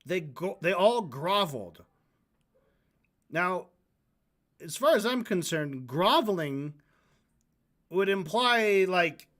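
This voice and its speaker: Bright, animated man hosting a stream. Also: sits high, slow, pauses often. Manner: sarcastic, animated reacting. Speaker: livestream host. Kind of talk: casual stream commentary.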